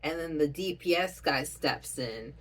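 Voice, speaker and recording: Excitable husky-voiced woman reacting. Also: low-pitched, unhurried, low-quality recording. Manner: excitable, gushing fan talk. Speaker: anime reaction vlogger. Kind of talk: casual reaction commentary.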